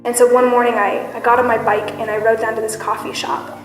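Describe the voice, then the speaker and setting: A young woman with a fairly high voice speaks earnestly in a personal testimony, pausing on fillers as she goes. Her voice rings through a large echoey hall with a long reverb tail. Soft music plays faintly underneath. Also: level tone. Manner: earnest, candid, with frequent fillers. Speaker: church member giving testimony. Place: church hall.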